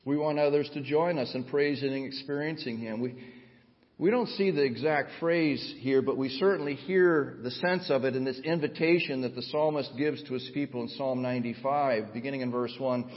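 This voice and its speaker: A man's voice: medium pitch, normal speed. A man preaching a sermon, explaining Bible passages and reading scripture aloud with rising intensity. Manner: swells to loud intense emphasis when reading scripture aloud. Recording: dull sound with long hall reverb.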